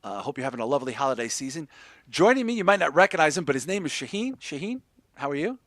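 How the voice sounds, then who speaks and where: A man's voice: fairly high pitch, sing-song, fast, a bit bright, no echo. A man hosting a podcast in an upbeat, joking, rambling chat. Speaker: podcast host.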